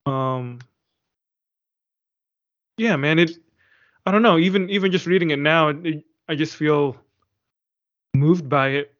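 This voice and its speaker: In a casual book discussion, a man with a slightly high, fairly bright voice speaks a little slowly, leaving long pauses. He sounds hesitant, searching for his words, and the recording has a dull lo-fi quality.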